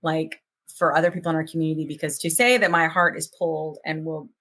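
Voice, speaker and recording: Low-voiced earnest woman podcast host. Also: flat delivery, fast, a bit bright. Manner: earnest, hopeful, talks in run-on thoughts. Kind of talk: casual podcast chat.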